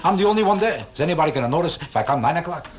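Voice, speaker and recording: A man's voice: on the high side, animated, rapid-fire, a crowd in the background. A man doing a stand-up comedy routine, talking in a sing-song way, firing rhetorical questions at the audience and making boastful, self-mocking jokes. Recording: live club album with audience laughter and vintage background hiss. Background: audience laughter.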